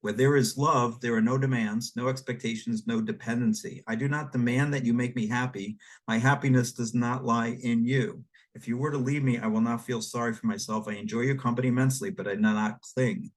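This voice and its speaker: Man, audiobook reader, measured delivery, reflective, mid-pitched voice. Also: fairly even intonation. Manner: measured and reflective, addressing the listener directly. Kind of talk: read-aloud nonfiction narration.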